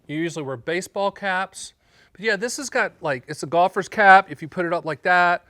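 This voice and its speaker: A man from North Carolina hosting his own show as an annuity agent, talking straight to camera in an energetic, joking, emphatic way. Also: high-pitched, brisk, dry recording. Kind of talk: casual direct-to-camera explainer.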